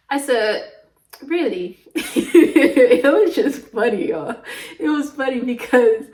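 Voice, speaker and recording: A young woman from the American South chatting casually to her viewers, rambling from topic to topic and laughing often. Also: on the high side. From Southern United States. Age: young adult. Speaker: vlogger.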